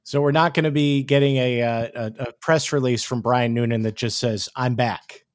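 A man hosting a podcast, asking his guest long, halting questions full of restarts. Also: medium pitch, fairly even intonation, no echo, studio quality. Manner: hesitant, many restarts when asking questions. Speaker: podcast host. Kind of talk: casual interview chat.

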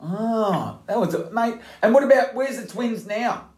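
High-voiced co-host in a roomy space. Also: male voice, a little slow, a little mellow. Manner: blokey, enthusiastic interviewer. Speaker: podcast co-host. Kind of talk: casual chat.

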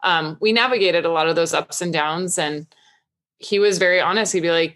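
A woman's voice: on the low side, moderate pace, a bit bright. A woman talking candidly and at length in a casual podcast conversation, laughing easily. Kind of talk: casual conversation about intimacy.

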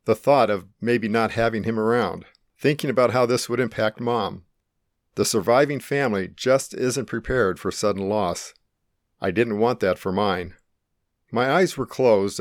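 A middle-aged man calmly and earnestly narrating his own life-or-death experience in the first person. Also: on the low side, no room sound, studio quality. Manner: calm, earnest, reflective.

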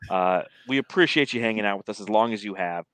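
A man's voice: fairly low pitch, fast, fairly bright tone, clean tone, no echo. A man hosting a casual sports podcast, telling rambling stories and laughing often. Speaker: podcast host. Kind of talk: casual chat.

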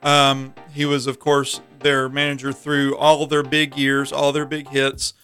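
A man's voice: medium pitch, monotone, a little slow, pushed and bright, soft background music. A man on a podcast as guest, recounting facts and summing up a film in casual chat.

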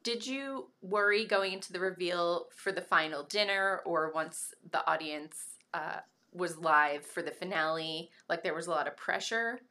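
Bright, playful woman hosting a podcast. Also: fairly low pitch, normal speed, few pauses. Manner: playful, teasing host banter. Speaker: podcast host. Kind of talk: casual interview chat.

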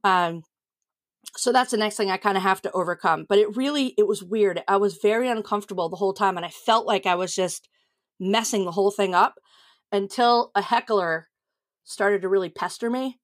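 A woman's voice: mid-range voice, a little fast. Candid woman comic reflecting. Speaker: comedian. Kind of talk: interview reflection.

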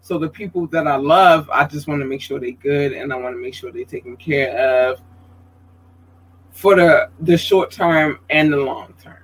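This podcast host speaks at a normal pace in a slightly rough voice, captured on a low-quality recording. Chatty and expressive on his casual livestream, he talks straight to viewers, reads their comments, and shoots up in pitch when excited.

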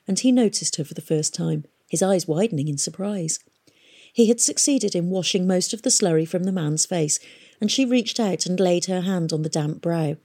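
A woman reading a novel aloud in a steady, measured storytelling manner. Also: on the low side, breathy edge. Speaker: audiobook reader. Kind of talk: audiobook narration.

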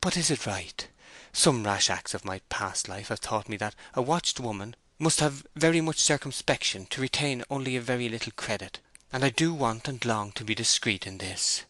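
A man's voice: medium pitch, moderate pace, hardly any pauses, pushed and bright, no echo, natural voice. A man voicing a proud, troubled young farm owner in an audiobook, speaking with earnest, tense feeling, his voice lifted a little above his own. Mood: anxious. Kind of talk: audiobook character voice.

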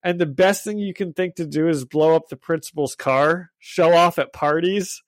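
A man's voice: on the high side, moderate pace, no echo, close to an everyday voice. A man voicing a weary, exasperated young male superhero lecturing a younger kid.

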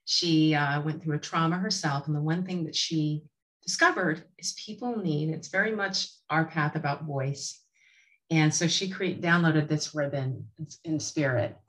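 A woman guest giving a heartfelt, slow and emphatic tribute to the host. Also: low voice, low-quality recording. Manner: warm, earnest, slow and emphatic. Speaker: author and guest.

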